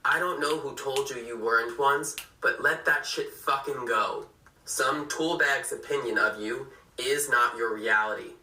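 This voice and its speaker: A man's voice: mid-range voice, measured pace, pushed and bright. A man giving an emphatic, profane, encouraging monologue. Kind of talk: impassioned social media monologue. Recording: roomy sound from a distant mic.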